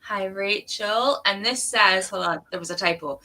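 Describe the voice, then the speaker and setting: A woman's voice: medium pitch, normal speed, pushed and bright, rough recording. A young Scottish woman hosting a livestream, chatting casually with friends and reading out viewer comments. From Scotland. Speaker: livestream host.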